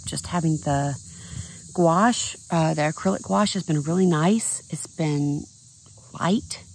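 A middle-aged woman vlogs about her painting in a loose, think-out-loud way. Her voice is low, scratchy and tired, with a heavy gravelly fry. She talks outdoors at a lakeside campground, with faint noise in the background. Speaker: artist vlogger. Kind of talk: casual vlog chat.

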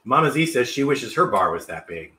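A man's voice: mid-range voice, very animated, fairly quick, pushed and bright, roomy sound. A middle-aged man hosting a live cooking stream from his home kitchen, upbeat and chatty, reading viewer comments aloud. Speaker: cooking show host.

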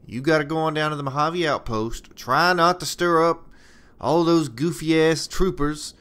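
A man's voice: a little high, unhurried, fairly bright tone. A man voicing a folksy, crude male mercenary boss who hands out contracts in a drawling, friendly way.

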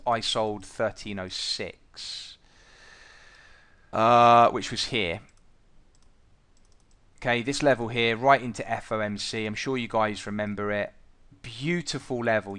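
A man teaching traders in a blunt, profane way, telling stories from his own trading. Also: lowish voice. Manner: blunt and profane, lively storytelling. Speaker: trading educator. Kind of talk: recorded trading lesson with anecdotes.

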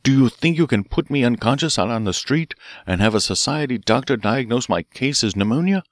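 A man's voice: mid-range voice, expressive, brisk, dry recording, studio quality, pitched above the performer's own voice, natural voice. A man reading an audiobook, voicing a bold, cool-headed detective professor who talks in a commanding way. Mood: accusing.

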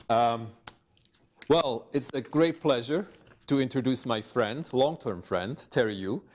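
A man's voice: mid-range voice, darkish tone. A man, the faculty director, casually introducing a guest speaker in a friendly, offhand way. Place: lecture room.

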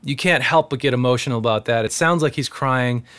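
A man's voice: mid-range voice, brisk, fairly bright tone, clean tone. A man teaching singing in a casual tutorial, explaining technique in an earnest, encouraging way. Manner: breaks into sung demonstrations between explanations. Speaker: singer teaching vocal technique.

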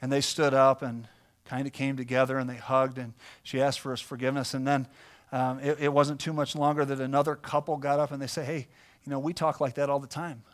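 A man's voice: medium pitch, flat delivery, brisk. A middle-aged male pastor preaching a sermon in a folksy, conversational storytelling way.

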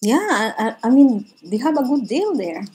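A woman's voice: on the high side, sing-song, normal speed, mellow, breathy edge, low-quality recording. A woman hosting a live drawing stream, chatting casually with viewers, laughing often and restarting her sentences.

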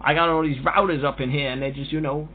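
A man's voice: fairly high pitch, fairly even intonation, fast talker. A man making a prank phone call, rambling and profane, from a hot room with cars passing outside. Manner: brash, rambling, profane banter. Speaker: prank caller. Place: hot room with the window open. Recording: tinny phone line with faint noise.

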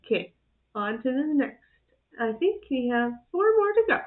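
A woman's voice: sits high, very animated, normal speed. A woman hosting her channel, giggling and gushing through casual reaction commentary on clips. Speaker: channel host reacting to videos. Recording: tinny phone-like sound.

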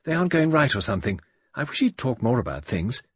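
A man reading an audiobook voices a nervous, animated lady who chatters quickly. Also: medium pitch, husky, dry recording.

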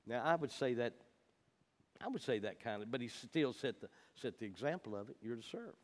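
A man's voice: medium pitch, lively intonation, a little fast. A man teaching the Bible in a folksy, emphatic way, with personal stories.

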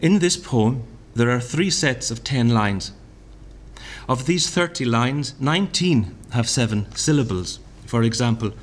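A man reads a prepared lecture very slowly and carefully, letting each word land. His voice sits at an ordinary middle pitch, and he sounds out vowels and repeats recited lines. A faint hum of room ambience sits behind him. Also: animated. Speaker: speaker at a literary festival. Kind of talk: reading a lecture aloud. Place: hotel function room.

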